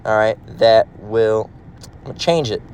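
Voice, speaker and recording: A man's voice: lowish voice, moderate pace, darkish tone, clear, resonant tone. A man preaching in a casual, emphatic, profane manner, reading scripture and rambling with restarts, recorded in a car. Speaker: religious teacher.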